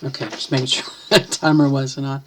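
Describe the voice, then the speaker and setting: A woman's voice: a bass voice, flat delivery, a little fast, a bit bright, a little hiss or hum. A middle-aged woman vlogging at home, casually explaining things to the camera and often correcting herself mid-sentence. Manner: rambling, self-correcting, thinks aloud. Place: home, near the kitchen.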